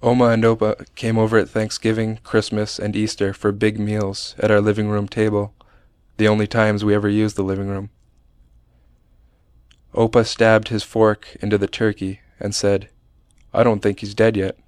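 A man reading a personal memoir aloud in a measured, plain, understated way. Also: on the low side, monotone, clean tone, no echo, clean studio sound. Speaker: narrator.

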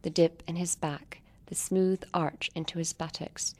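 Low-voiced woman reading her story. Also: fairly even intonation. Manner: measured, softly dropping to near-whispers. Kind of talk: literary reading.

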